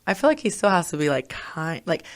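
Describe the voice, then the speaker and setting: A woman's voice: on the low side, very animated, a little fast. Chatty laughing woman podcast co-host. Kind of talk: casual chat.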